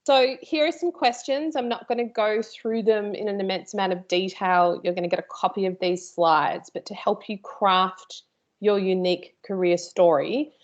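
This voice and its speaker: A woman's voice: mid-range voice, fairly even intonation, normal speed, lo-fi sound. A woman teaching a live workshop, chatty and informal, with playful asides to her host. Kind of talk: live online workshop presentation.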